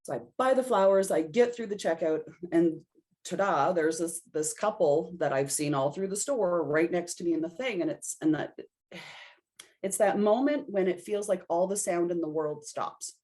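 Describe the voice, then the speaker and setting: Female podcast guest, low-pitched, animated conversational storyteller. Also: normal speed. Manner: animated storyteller acting out her own reactions. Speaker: podcast guest, intuitive reader.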